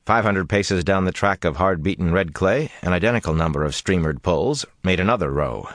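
A man narrating a fantasy audiobook with expressive, dramatic delivery. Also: sits low, brisk, no room sound, clean studio sound.

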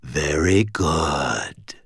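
A man narrating an audiobook voices an unseen supernatural being, speaking in a dry, rasping whisper that is slow and drawn out. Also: a bass voice, very animated, fairly bright tone, no room sound, pitched below the performer's own voice, full character voice. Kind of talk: audiobook character voice.

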